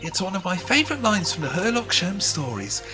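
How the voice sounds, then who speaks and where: A woman's voice: fairly low pitch, sing-song, fairly quick. A woman voicing a prim polite young assistant. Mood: earnest. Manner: prim, earnest, formal. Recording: game music behind.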